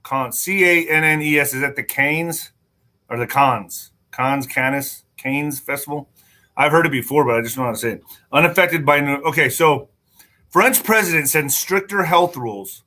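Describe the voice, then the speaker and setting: Male podcast host, highish voice, bright sharp tone, angry ranting, stumbles reading news. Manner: stumbling over words while reading news aloud. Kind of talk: casual news commentary podcast.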